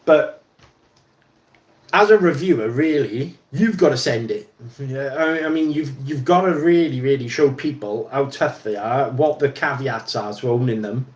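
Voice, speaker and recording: A man's voice: medium pitch, measured pace, roomy sound. A man hosting a casual livestream while fixing an RC car at his bench, rambling with lots of ums and restarts. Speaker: livestream host. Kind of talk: casual chat while wrenching.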